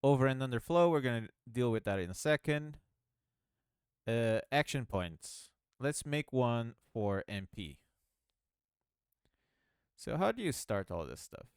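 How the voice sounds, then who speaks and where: A man's voice: mid-range voice, very animated, unhurried, pauses often, clean tone, dry recording, studio quality. A man chatting casually while working on his game, rambling and poking fun at himself with frequent laughs. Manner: rambling, self-mocking, laughs often. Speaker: game developer. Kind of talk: casual rambling devlog commentary.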